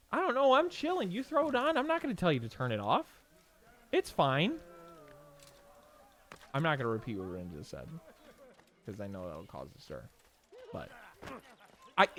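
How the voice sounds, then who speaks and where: A man's voice: medium pitch, fairly bright tone. A young man streaming from home, chatting casually and rambling between game moments, with plenty of swearing and "like". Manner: rambling and profane, with frequent "like" and restarts. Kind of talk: casual chat while gaming.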